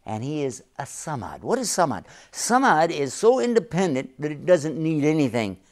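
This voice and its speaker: A man's voice: fairly high pitch, big pitch swings, normal speed. A man, a sheikh who is a guest on the show, explaining his faith in an earnest, emphatic way and repeating key phrases. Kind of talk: religious teaching in an interview.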